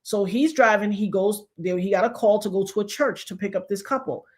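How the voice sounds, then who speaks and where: A woman hosting a casual chat, telling stories in an animated way and acting out the people she quotes. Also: mid-range voice, brisk. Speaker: show host.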